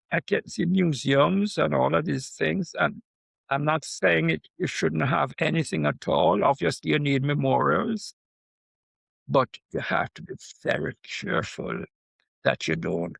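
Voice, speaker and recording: An older man from Jamaica talks with a gravelly, husky voice that sits a touch high. He tells stories in an animated way, tossing in quick asides to his listener. The sound is close and dry, with no room around it. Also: no echo. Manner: animated storyteller with repeated asides like "right?". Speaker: guest professor. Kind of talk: conversational interview.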